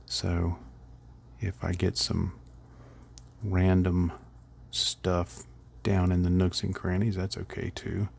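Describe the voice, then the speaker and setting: Gravelly low-voiced middle-aged man rambling. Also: monotone, slow, darkish tone. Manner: rambling, self-deprecating, chuckles at own slips. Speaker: miniature painting vlogger. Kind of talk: casual rambling tutorial.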